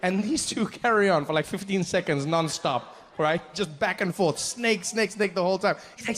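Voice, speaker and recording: A man doing stand-up, telling a story in an animated, self-mocking way with quick act-outs. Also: sits high. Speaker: stand-up comedian. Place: live comedy venue. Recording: echoey live venue with faint ambience.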